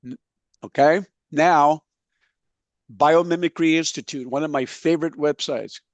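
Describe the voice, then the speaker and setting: A middle-aged man giving an animated conference presentation, emphatic and folksy, slowing down to stress his key points. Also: fairly high pitch, dry recording. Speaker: soil health speaker. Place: conference session.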